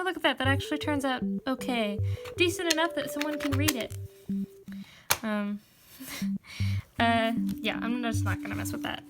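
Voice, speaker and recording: High-voiced woman, chatty crafting vlogger, rambling and filler-heavy, loud music under her voice. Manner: animated, swears casually. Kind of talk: casual chat while working. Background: background music.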